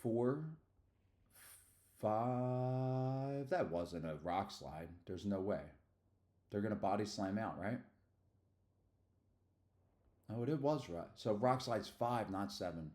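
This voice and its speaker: A man's voice: fairly low pitch, slow, pauses often, darkish tone. A middle-aged man from Philadelphia, rambling and slangy in casual livestream chat. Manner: rambling and slangy, loose asides. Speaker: streamer.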